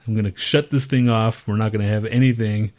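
A man's voice: fairly low pitch, steady tone, brisk, a little mellow. A man co-hosting a podcast in crude casual banter, swearing and laughing often as he teases. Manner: profane, teasing, laughs often. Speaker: podcast co-host.

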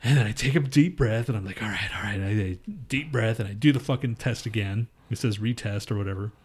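Brisk and slightly rough, with a lowish pitch, a man co-hosting a podcast launches into a rambling, foul-mouthed story. He tells the crude tale with plenty of animation in a casual conversation.

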